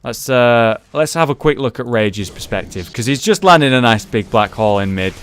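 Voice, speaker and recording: A young man with a smooth, clear voice commentates his own gameplay in casual talk. He rants with frustration and swears freely, then breaks into excited shouts when the action heats up. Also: medium pitch, normal speed. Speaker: gaming YouTuber commentating his own match.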